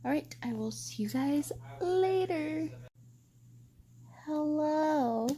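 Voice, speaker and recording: Young woman, higher-pitched voice, casual book vlogger who curses freely and rants about her reading. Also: lively intonation, slow, mellow. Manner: ranting, swears freely.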